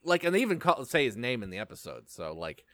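Male podcast co-host, joking, lively pitch, dry sound. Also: quick pace, no echo. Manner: jokey, acts out little bits. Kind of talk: casual chat.

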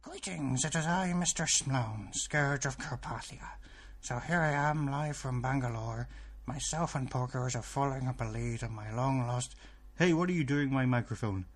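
A pompous self-proclaimed scourge, voiced by a man, declaiming in a theatrical way. The voice sits at an ordinary middle pitch. It is a comic audio skit. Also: normal speed, natural voice. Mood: grandiose. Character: pompous self-styled villain gentleman.

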